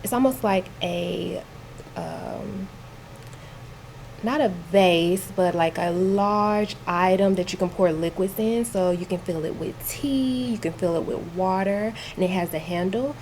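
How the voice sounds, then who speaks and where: A woman works one-on-one with a child on reading, speaking patiently and praising often. Her voice sits a little low. A faint hiss runs behind her. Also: a little slow, gravelly, a little mellow. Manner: patient, encouraging, explains simply. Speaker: reading tutor.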